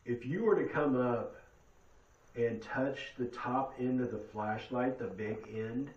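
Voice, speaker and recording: A man speaks in a calm, coaxing way, walking unseen listeners through what to do step by step. His voice sounds distant and roomy, picked up by a camera across an echoey hotel room, with a dull, muffled tone and faint hiss underneath. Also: medium pitch. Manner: calm, coaxing, explains slowly to spirits. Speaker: paranormal investigator leading an EVP session. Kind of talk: casual ghost-hunt session talk. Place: old hotel room at night.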